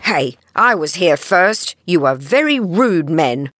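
A man voicing a feisty, cross old woman in a storybook, scolding slowly. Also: on the high side, very animated, background noise, voice pushed up. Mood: indignant. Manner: slow and scolding.

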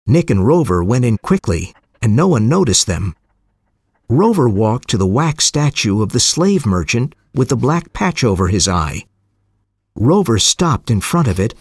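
Male audiobook narrator, husky tone, lively pitch, steady storytelling, dry close sound. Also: no room sound.

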